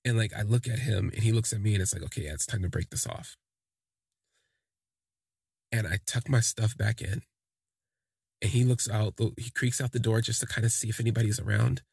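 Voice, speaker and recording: A man's voice: on the low side, steady tone, fairly quick, creaky, a little mellow, husky, no room sound, studio quality. A man telling a first-person story in a casual, rambling way, full of "like" and "you know". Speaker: podcast storyteller.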